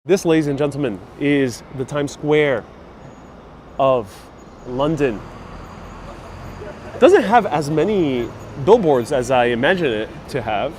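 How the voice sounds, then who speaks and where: A man's voice: mid-range voice, expressive, slow, long pauses, darkish tone. A man guiding a live-streamed city bus tour, chatting casually and reading out viewer comments. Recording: faint street and traffic noise.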